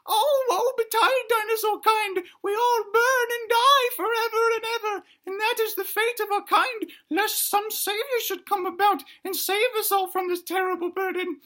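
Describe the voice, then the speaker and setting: A man voicing a tiny baby boy dinosaur who sobs and wails in a shrill voice. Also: animated, measured pace, sharp tone, exaggerated voice. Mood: sobbing. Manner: shrill, wailing and sobbing.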